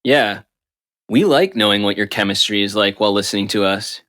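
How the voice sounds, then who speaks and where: A man's voice: on the low side, a little fast, sharp tone. A man co-hosting a podcast in casual comedic chat, joking around and slipping into mock-formal phrasing. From United States. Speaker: podcast co-host.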